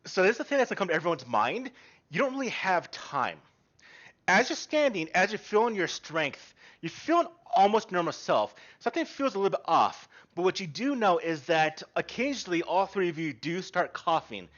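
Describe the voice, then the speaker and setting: A man narrating a tabletop game as game master, describing scenes in an animated way with frequent ums. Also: high voice, normal speed, lo-fi sound.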